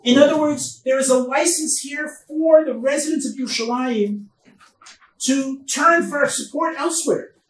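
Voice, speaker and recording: A rabbi giving a Bible lecture at a conference, emphatic, with loud stresses and quiet asides. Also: male voice, very high-pitched, normal speed. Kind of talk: Torah lecture. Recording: echoey hall, distant mic, faint noise.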